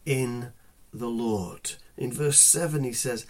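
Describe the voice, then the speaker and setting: A man giving a devotional talk on a psalm as a pastor, earnest and unhurried, sometimes repeating words for emphasis. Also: medium pitch, darkish tone. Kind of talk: devotional sermon.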